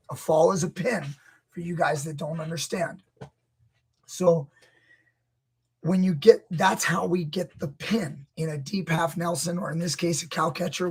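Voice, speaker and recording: A man coaching grappling, breaking down a wrestling match with emphatic, opinionated commentary that rises to near-shouts when he gets indignant. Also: fairly high pitch, creaky, husky. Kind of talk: video commentary.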